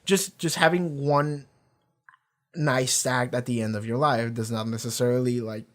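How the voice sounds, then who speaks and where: A man giving loose, unscripted reaction commentary on a TV episode, rambling with lots of fillers and the odd curse, often trailing off softer at the end of phrases. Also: medium pitch, steady tone, normal speed. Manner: rambling, heavy use of "like", casual swearing. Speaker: TV series reaction streamer. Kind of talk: casual live reaction commentary.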